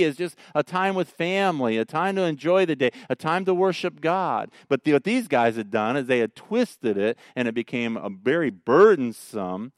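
A male pastor, preaching a sermon in an animated, joking way. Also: medium pitch, dry recording, clean studio sound. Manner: animated, joking storyteller who mocks the Pharisees.

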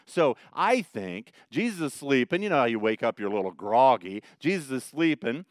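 A pastor preaching an expository sermon, retelling scripture with dramatic, animated emphasis. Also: male voice, medium pitch, moderate pace, no room sound, clean studio sound.

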